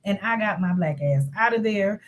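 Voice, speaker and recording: A woman's voice: mid-range voice, moderate pace, poor audio. A woman in her fifties, a guest author, telling stories in casual chat with lots of laughter and "y'all". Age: 50s. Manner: lively, laughing, says y'all often.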